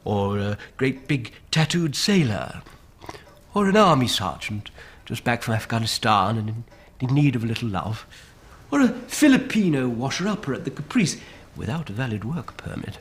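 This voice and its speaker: A man's voice: medium pitch, very animated, normal speed. A man performing a comedy sketch, eager and flamboyant.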